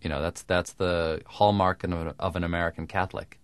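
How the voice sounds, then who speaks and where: A man with crisp, precise diction, talking in a dry, self-mocking way as a guest in a radio interview. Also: low-pitched, level tone, fairly quick, dry recording. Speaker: guest comedian.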